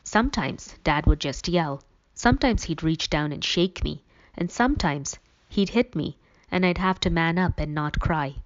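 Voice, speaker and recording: Woman reading a first-person story, low. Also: animated, moderate pace. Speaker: audiobook narrator. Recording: dull lo-fi recording.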